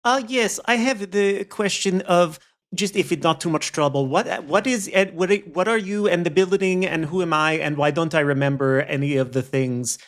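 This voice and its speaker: A man's voice: on the high side, normal speed, a bit bright, pitched above the performer's own voice, close to an everyday voice. A man doing a meek bewildered old stranger. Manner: bewildered, stammering.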